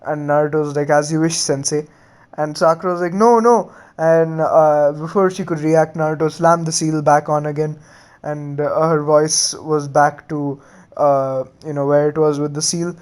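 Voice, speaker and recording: A man casually retelling a fan-made story, halting often with fillers and restarts. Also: fairly high pitch, little pitch movement, clean tone.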